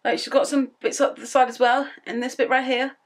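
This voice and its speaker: A young woman vlogging casually from her bedroom, rambling through an excited story. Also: high voice, brisk. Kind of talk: casual chatty vlog.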